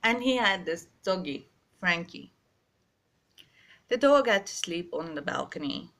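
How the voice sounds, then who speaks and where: A young woman telling a personal story, halting and emotional with many restarts, a little stuffy from her sinuses. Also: fairly low pitch, animated, a bit bright.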